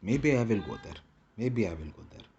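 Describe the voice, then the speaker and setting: A man's voice: lowish voice, sing-song, a little fast, a little mellow, slightly rough, lo-fi sound. A man rambling in a casual monologue with a put-on Indian English accent, repeating short clipped broken-English phrases. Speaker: vlogger.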